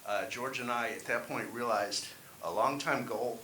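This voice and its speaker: A man's voice: medium pitch, normal speed, sharp tone. A man performing a wry, self-deprecating stand-up set at an open mic. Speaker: stand-up comedian. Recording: echoey room, faint hiss.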